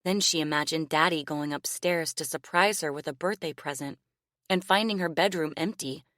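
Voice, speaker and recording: A woman narrating a novel audiobook in a measured, expressive reading style. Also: deep voice, no room sound, clean studio sound. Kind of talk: scripted narration.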